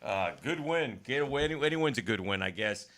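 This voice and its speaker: A man's voice: mid-range voice, animated, fast, a bit bright. A man hosting a sports radio show, chatting loosely about a football game and often repeating words as he goes. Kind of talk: casual sports talk. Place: radio studio.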